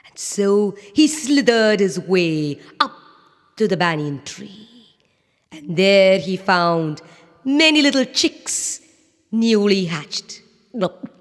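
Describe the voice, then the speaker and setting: A woman narrating children's animal stories in a slow, very expressive, sing-song way. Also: mid-range voice. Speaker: storyteller. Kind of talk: scripted children's story narration. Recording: echoey reverb.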